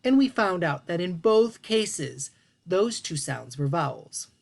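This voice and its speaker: A woman's voice: fairly low pitch, very animated, takes it slowly, gravelly, a little mellow. A woman teaching a phonics lesson to young children, patient and encouraging as she models sounds.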